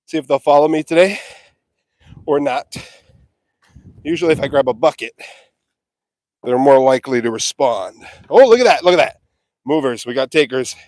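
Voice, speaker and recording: A livestream vlogger walks an outdoor farm field with a handheld mic, chatting casually and feeding his cattle with playful, sing-song calls. His mid-range voice has lively intonation, a moderate pace with long pauses, and a slightly mellow tone, and the audio is clean, studio-like and free of echo.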